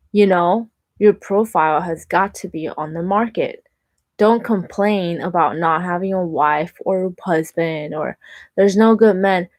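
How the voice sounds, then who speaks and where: A young woman talks straight to the camera in a casual vlog, chatty and lively, with many fillers. Her voice sits a little low for a woman. The sound is dry and close, with no room echo. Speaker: vlogger.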